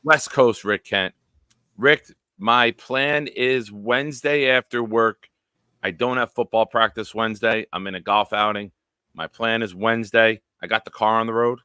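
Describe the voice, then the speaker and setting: Male sports-stream host: low, forceful voice, dry close sound, excitable, shouts out viewers. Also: measured pace, clean tone, dry recording. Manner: excitable, bursts into loud sing-song chants; shout-outs to viewers by name. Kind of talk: live-streamed sports chat.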